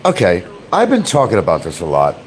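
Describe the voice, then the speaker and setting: A man's voice: sits low, a little fast. Rambling man in an echoey bathroom. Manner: rambling, gossipy, animated. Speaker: live streamer. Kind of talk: casual rambling commentary. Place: small bathroom with an exhaust fan running. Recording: echoey bathroom, faint fan hum.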